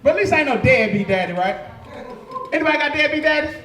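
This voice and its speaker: High-voiced young man doing profane stand-up. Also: expressive, quick pace, a crowd in the background. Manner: loud, profane storytelling with shouted punchlines. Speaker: stand-up comedian. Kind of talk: live stand-up set. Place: comedy club stage. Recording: echoey live club room.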